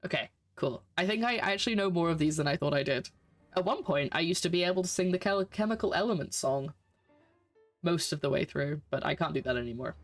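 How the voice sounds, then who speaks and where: Scottish streamer, chatty, thinking out loud during a let's play. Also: mid-range voice, animated, brisk, soft background music. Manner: chatty, thinking aloud while puzzling. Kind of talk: casual let's-play commentary.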